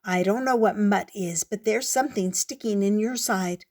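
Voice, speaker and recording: A woman's voice: medium pitch, moderate pace, a little mellow, natural voice. A woman voicing a cheerful, rambling male fly who is a bit dim. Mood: chirpy, rambling.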